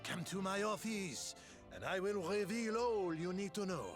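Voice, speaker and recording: A man's voice: high voice, normal speed, lightly acted. An actor voicing a flamboyant, pompous male school headmaster in a game, using a put-on French accent and tossing in French words. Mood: grandiose. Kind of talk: video game voice acting. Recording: game voice with loud music. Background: game music.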